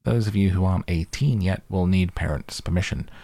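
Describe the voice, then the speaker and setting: A man voicing a middle-aged male biology teacher who speaks briskly to his class. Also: low voice, vocal fry, warm tone, no echo. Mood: businesslike.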